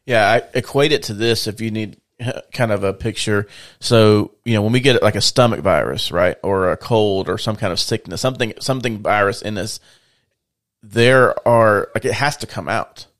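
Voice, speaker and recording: A man's voice: fairly low pitch, moderate pace, fairly bright tone. A man co-hosting a faith-based podcast, talking in a reflective, casual way and explaining with everyday analogies. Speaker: podcast co-host.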